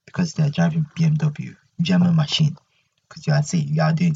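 A man's voice: extremely low pitch, little pitch movement, brisk, dark tone, husky, lo-fi sound. A young man hosting a solo podcast, ranting animatedly and repeating his points. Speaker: podcast host.

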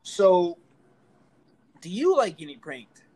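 Easygoing interviewer, middle pitch, stumbles a bit over questions, laughs along. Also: takes it slowly, breathy edge, poor audio. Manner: relaxed, hesitant phrasing, laughs along.

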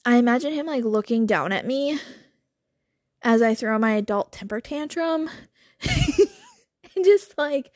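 Woman host, casual solo talk, animated and chatty, a bit high-pitched, dry close mic. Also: a little slow, dry recording. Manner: animated, chatty, frequent filler words and laughs. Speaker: podcast host. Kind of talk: casual monologue.

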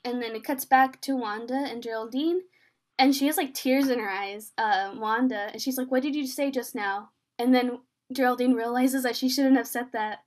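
A young woman with a high, light voice talks through a TV episode with a friend. She acts out each character's lines as she goes. Her speech is loose and chatty, with plenty of fillers. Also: normal speed. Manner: excited, filler-heavy retelling, acts out the scenes in quoted voices. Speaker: podcast co-host recapping a TV episode. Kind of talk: casual chat.

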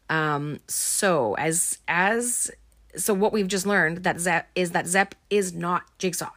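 A woman's voice: on the low side, slow pace, a bit bright, dry recording. A woman recapping a film in a casual, rambling way, with plenty of ums and likes. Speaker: podcast host recapping a film.

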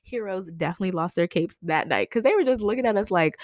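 A young woman tells a story in a lively, swooping voice, acting out what people said with big leaps in pitch. The recording is close and dry, with no room sound. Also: fast talker, hardly any pauses, dry recording. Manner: animated, acts out quoted lines with big pitch jumps. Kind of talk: casual storytelling.

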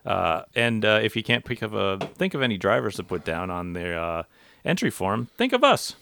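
A man's voice: lowish voice, sing-song, moderate pace, gravelly, pushed and bright, slight background noise. A man hosting a podcast in casual chat, joking and rambling with his co-hosts. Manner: joking, rambling, self-deprecating. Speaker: podcast host.

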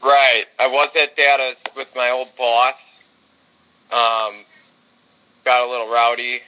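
A man co-hosting a podcast, telling sports stories in casual chat, excitable and swearing now and then. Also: mid-range voice, slow pace, rough recording. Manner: storytelling, swearing, excitable when reliving games. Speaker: podcast co-host.

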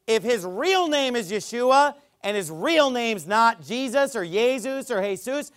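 A man preaching a sermon in a church auditorium, forceful and combative, often building to loud emphasis. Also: very high-pitched, animated, unhurried. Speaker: pastor.

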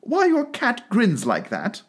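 A man's voice: wildly swooping pitch, normal speed, husky, full character voice. A man doing a timid, pleading young girl. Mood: polite. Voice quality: high, pleading. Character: timid polite young girl, easily flustered.

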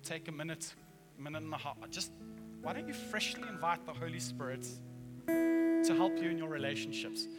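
A man's voice: fairly high pitch, normal speed, over loud music. Earnest preacher man in a reverberant hall. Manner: earnest, animated storytelling with acted-out quotes. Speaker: pastor. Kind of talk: sermon. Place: church hall.

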